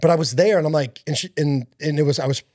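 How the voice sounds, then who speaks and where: A man's voice: fairly high pitch, fast talker, darkish tone, no echo, clean studio sound. A man speaking as a podcast guest, giving an earnest, rambling personal faith testimony with many fillers and restarts.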